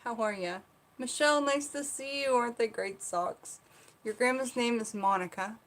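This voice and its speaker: A woman's voice: fairly high pitch, normal speed. A woman from South Carolina hosting a casual livestream from her bedroom, reading viewer comments aloud and chatting with them. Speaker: livestream host. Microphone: seated at own camera.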